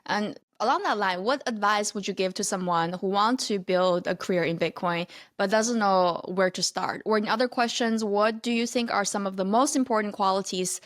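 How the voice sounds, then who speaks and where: A woman's voice: medium pitch, moderate pace, few pauses. A woman hosting an interview, asking thoughtful questions with small slips in her phrasing. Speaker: podcast host.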